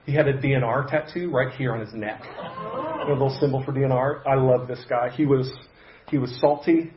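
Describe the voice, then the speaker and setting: Guy preaching, telling a story, kinda halting, roomy slightly dull sound. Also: medium pitch, expressive. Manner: conversational, halting with restarts and soft pauses. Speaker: pastor. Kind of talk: sermon storytelling. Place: church sanctuary.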